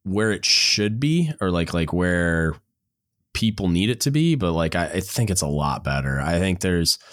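A man's voice: deep voice, normal speed, no room sound, studio quality. A man hosting a podcast, talking casually in a rambling way, with plenty of "like" fillers and restarts. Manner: relaxed, rambling, lots of "like" and restarts. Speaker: podcast host. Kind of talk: casual conversation.

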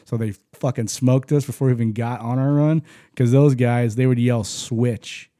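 A man recounts his army training days in a loose, profane conversational style. His voice is mellow and darkish, recorded dry and close. He stumbles and restarts often as he talks. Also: mid-range voice, fairly even intonation, a little fast, dry recording. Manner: profane, rambling, frequent restarts. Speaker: guest, army veteran. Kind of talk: casual storytelling.

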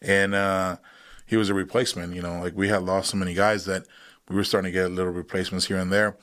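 A man in his thirties, a veteran guest on a podcast, telling a long story in a casual, animated way and acting out what others said. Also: sits low, fast talker. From United States. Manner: animated retelling, acts out quoted voices.

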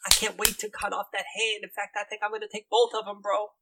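A man's voice: sits high, flat delivery, fast, heavy background noise, voice pushed up. A man putting on a brash slangy bro guildmaster. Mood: menacing. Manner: slangy, pushy, keeps saying bro. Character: oily brash male guildmaster bro, hot-tempered.

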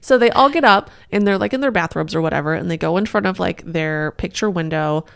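Gravelly-voiced woman telling a story. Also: lowish voice, fairly quick, a bit bright. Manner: jokey storyteller, acts out silly voices. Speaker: podcast co-host. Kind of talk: casual storytelling chat.

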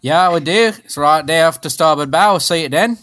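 A man's voice: on the high side, moderate pace, fairly bright tone, no echo, studio quality, close to an everyday voice. A man voicing a cheerful male navy captain with a put-on Australian accent, breezy and chatty in an improvised comedy sketch. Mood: jolly. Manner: breezy, ends sentences with "then".

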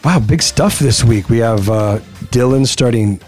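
A middle-aged man co-hosting a casual podcast, speaking in a relaxed, easygoing way. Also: medium pitch, unhurried, faint music behind. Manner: relaxed, easygoing, a few fillers. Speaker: podcast co-host. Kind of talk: casual chat.

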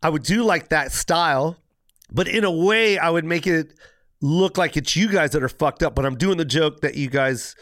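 Middle-aged male comic, lively storyteller, slightly higher voice, dry close mic. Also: normal speed, dry recording. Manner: animated storytelling with mimicked voices and frequent swearing. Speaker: guest comedian. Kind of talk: casual podcast chat.

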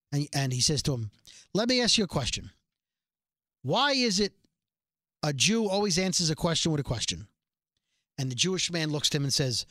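A man's voice: a little high, pushed and bright, no room sound. Dry-voiced man recapping a show. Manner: reads plot summary aloud, jokey asides. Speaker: podcast co-host recapping a TV episode. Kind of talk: casual chat.

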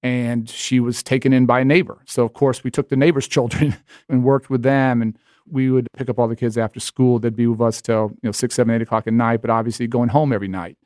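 A middle-aged man answers questions in a measured, earnest tone. His voice sits at a middle pitch and is recorded close and dry, with no room echo. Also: steady tone, a little mellow. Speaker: interview guest, education leader. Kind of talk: conversational interview.

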